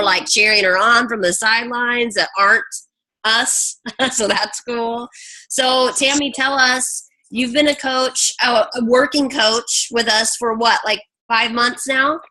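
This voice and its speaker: A woman hosts a casual coaching call, chatty and encouraging. Her voice is bright and sits a little high. She teases participants as she calls on each one in turn. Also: poor audio. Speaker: host of a coaching team call.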